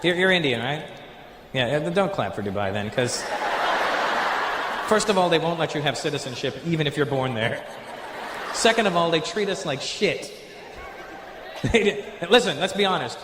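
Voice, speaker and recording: A man doing stand-up, working the crowd loudly with a punchy, teasing delivery. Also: on the high side, expressive, moderate pace, long pauses. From Canada. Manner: loud, teasing, punchy delivery with comic voices. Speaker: stand-up comedian. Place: large theater stage. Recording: echoey live venue with loud crowd noise.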